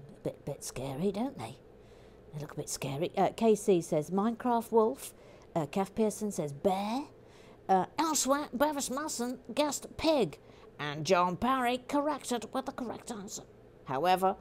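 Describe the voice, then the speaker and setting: A woman's voice: on the high side, a little hiss or hum. A woman hosting a livestream, chatting casually and jokily as she reads viewer comments while building. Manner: chatty, jokey, self-interrupting. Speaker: livestream host building a brick set.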